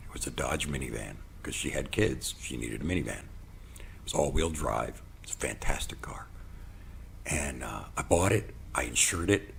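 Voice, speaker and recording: A podcast host with a bass voice and vocal fry tells a personal story as a monologue. He's an animated storyteller who acts out quoted lines and sometimes drops to a whisper. There's a little hiss or hum on the recording.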